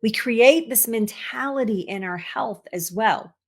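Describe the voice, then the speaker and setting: A woman, a cancer coach, giving an expressive motivational talk, repeating words for emphasis and laughing at herself. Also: fairly high pitch, a little slow, breathy edge.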